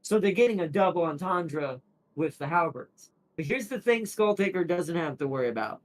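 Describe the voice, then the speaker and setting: A man's voice: a little high, lively intonation, moderate pace, low-quality recording. A man streaming a strategy game, rambling through casual commentary with frequent laughs and restarted sentences. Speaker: gaming streamer.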